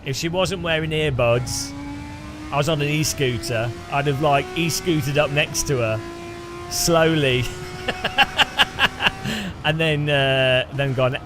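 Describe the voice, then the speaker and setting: A British man's slightly high voice stays steady and slow, with long pauses, over music. Speaking British English while live-streaming a sim race, he jokes with viewers, laughs often and greets chat by name.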